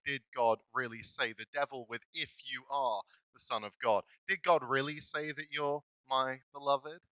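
A man's voice: mid-range voice, sharp tone, clean tone, no echo, low-quality recording. A male pastor giving a casual, self-deprecating sermon, laughing often as he talks. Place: church.

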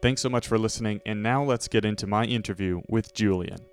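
Steady low-voiced male radio host. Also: brisk. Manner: steady, scripted announcing. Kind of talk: radio show hosting.

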